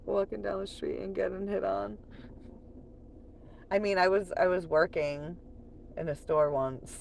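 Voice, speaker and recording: A woman talks in a slow, unhurried drawl on a late-night livestream from home. She is chatty and profane, laughs often, and answers her chat as she goes. A faint hum of noise sits behind her voice. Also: mid-range voice, fairly even intonation, gravelly.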